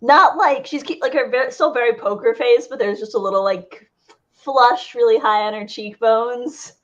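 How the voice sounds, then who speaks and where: A woman's voice: a little high, moderate pace, highs cut off. Woman game master narrating a tabletop game.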